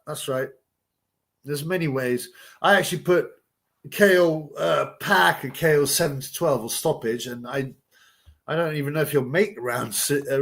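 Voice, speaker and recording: A man hosting a casual live watch-along, commenting and reading chat in a rambling, crude way. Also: on the high side. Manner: crude, rambling, chuckling at his own jokes. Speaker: livestream host.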